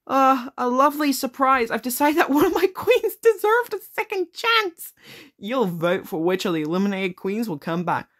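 A woman playing a simulator game, reading on-screen text aloud and reacting with frequent swearing in casual commentary. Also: mid-range voice. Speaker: gaming video creator. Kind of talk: casual let's-play commentary.

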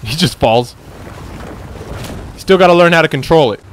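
A young man commentating his own gameplay, excitable and trash-talking, yelling at the game. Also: on the high side, moderate pace, noisy background. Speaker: gameplay YouTuber. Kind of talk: let's play commentary.

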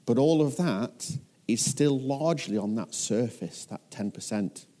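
Mellow northern English pastor preaching. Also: male voice, medium pitch, animated, unhurried. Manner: earnest, questioning the listeners. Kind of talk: sermon.

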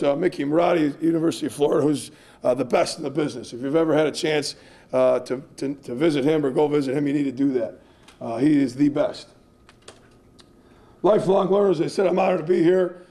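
A man's voice: fairly high pitch, warm tone. A man, a strength coach, giving a clinic presentation in an earnest, emphatic, repetitive way.

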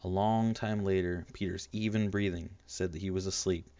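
A man narrating an audiobook in a steady, measured reading. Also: low voice, dry recording, muffled recording.

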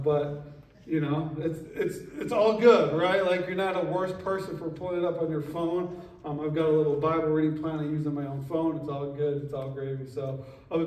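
A man's voice: fairly high pitch, dark tone. A man preaching a sermon in a casual, conversational way, with frequent asides to the congregation. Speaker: pastor. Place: church sanctuary. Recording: echoey church sanctuary, mic at a distance.

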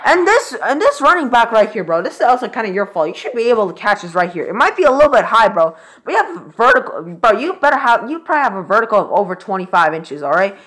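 Young dude yelling at a football game, swearing, bro every sentence, voice jumps all over. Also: male voice, high-pitched, very animated, fast talker, few pauses. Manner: profane, exasperated, says "bro" constantly. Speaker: channel host reacting to a football game. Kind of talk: live sports reaction commentary.

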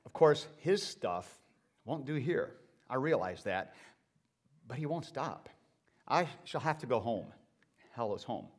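A man's voice: medium pitch, animated, takes it slowly, long pauses, pitched below the performer's own voice. A man reading aloud and voicing a fretful, evasive male ghost who dithers and makes polite excuses. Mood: flustered evasive.

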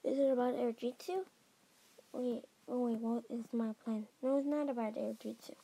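A woman voicing a scheming henchman in a homemade toy-brick film, speaking in a hushed, gravelly whisper. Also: fairly high pitch, moderate pace.

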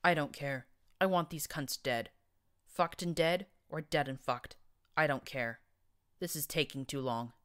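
A woman's voice: deep voice, normal speed, a bit bright. A woman voicing a huge, brutal, metal-armored monster stallion with a grating, crude, menacing way of talking. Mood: impatient, bellowing.

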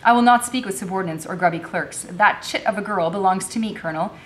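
A woman's voice: mid-range voice, very animated, moderate pace, fairly bright tone, slight background noise, voice pushed up. A woman reading a novel aloud, voicing a haughty, demanding wealthy mistress. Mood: imperious. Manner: imperious, demanding.

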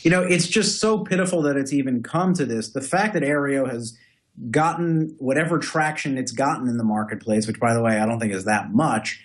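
A man's voice: medium pitch, brisk. A man co-hosting a tech news podcast, giving firm opinions and setting out his points one by one. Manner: opinionated, lays out points in order. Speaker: podcast co-host. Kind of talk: casual tech news discussion.

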